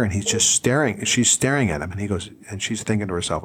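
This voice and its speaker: A man chatting casually and telling an animated story, acting out what people said. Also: lowish voice, fast talker, hardly any pauses, breathy edge. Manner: animated storyteller, acts out quotes.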